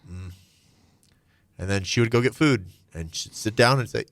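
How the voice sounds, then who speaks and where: A middle-aged man telling his own story candidly and reflectively, his voice often trailing off soft and low. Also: measured pace, pauses often, no echo. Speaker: guest.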